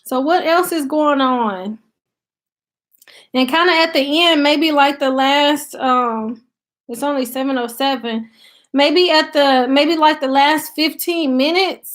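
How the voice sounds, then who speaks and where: A high-pitched woman with an American country accent talks to her viewers in a loose, chatty way. She reads their comments aloud and thinks out loud, with plenty of ums and you-knows. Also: a little slow. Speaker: YouTube channel host. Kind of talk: casual live-stream chat, reading viewer comments aloud.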